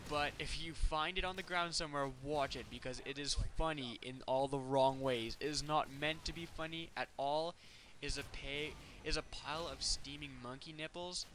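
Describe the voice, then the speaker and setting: A high-pitched man gives casual commentary over video game footage. His voice is bright and forceful, with a faint hiss of noise underneath. He talks in an animated, ranting way, full of incredulity. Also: poor audio. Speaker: gameplay commentator.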